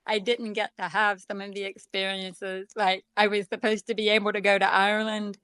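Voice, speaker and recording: A woman's voice: medium pitch, little pitch movement, moderate pace, fairly bright tone, clean tone, no echo. A woman speaks with a deaf accent, some sounds shaped a little differently. She is a chatty interview guest who pokes fun at herself and leans on ums. Her voice sits mid-range and is recorded dry and close. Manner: chatty, self-deprecating, many ums. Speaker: guest author. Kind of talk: casual interview chat.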